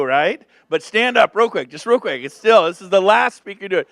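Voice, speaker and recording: A man in his fifties from California, giving a lively, joking motivational talk on stage to a seminar audience. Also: sits high, brisk, few pauses. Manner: energetic, joking, revs up the crowd. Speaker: real estate speaker at a business seminar.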